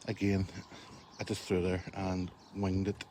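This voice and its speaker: Northern Irish man, lowish voice, chatty garden vlogger on a phone outdoors, faint outdoor noise. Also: completely flat delivery, unhurried. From Northern Ireland. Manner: chatty, keeps addressing viewers as folks. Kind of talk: casual walk-through garden tour. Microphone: phone camera held while walking.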